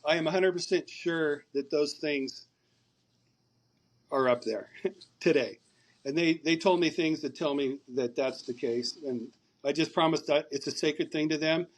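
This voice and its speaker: A man's voice: on the high side, unhurried. A man, a podcast guest, telling a long story over a remote call, rambling and repeating words as he recounts conversations.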